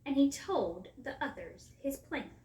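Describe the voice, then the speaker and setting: A woman reading a children's story aloud in a lively, expressive way, in an echoey room away from the mic. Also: sits high, measured pace, recorded from a distance.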